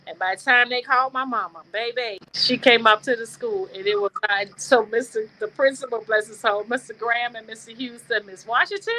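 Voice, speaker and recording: A woman hosting a talk show, telling personal stories in an animated, preacher-like way. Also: on the high side, fairly quick, few pauses, rough recording. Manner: animated storytelling, preacher-like affirmations. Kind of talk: casual conversation.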